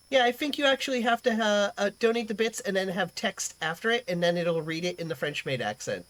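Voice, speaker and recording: A woman's voice: medium pitch, expressive, fairly quick, hardly any pauses. A young woman hosting a live stream, chatting casually, rambling and swearing freely as she reacts to chat. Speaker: livestream host.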